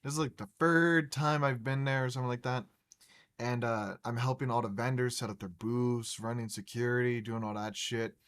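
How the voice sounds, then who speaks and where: A man hosting a gaming podcast, spinning a long casual story at a middle pitch. He swears freely and stumbles into restarts as he goes. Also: fairly even intonation, fairly bright tone. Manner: rambling, profane, halting restarts. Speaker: podcast host.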